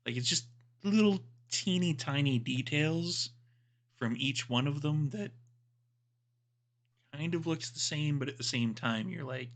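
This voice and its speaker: A man's voice: a little high, a little slow, long pauses. A man narrating a tabletop game as game master, describing scenes in a loose, rambling way.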